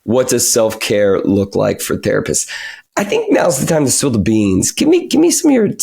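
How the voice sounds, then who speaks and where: A man hosting a podcast who reads out listener questions in a relaxed, playful way. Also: mid-range voice, moderate pace, creaky. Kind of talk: casual podcast chat.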